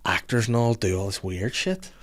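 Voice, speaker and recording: A man's voice: lowish voice, expressive, normal speed. A man co-hosting a podcast, rambling through crude jokes with lots of fillers. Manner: rambling, jokey, lots of "like" and "you know". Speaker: podcast co-host. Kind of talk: crude casual banter.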